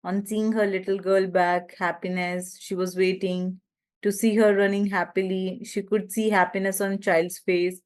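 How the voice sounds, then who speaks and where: A woman with a South Asian English accent, answering a teacher's question in a webinar, speaking haltingly and searching for words. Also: medium pitch, level tone, a little mellow. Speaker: webinar participant.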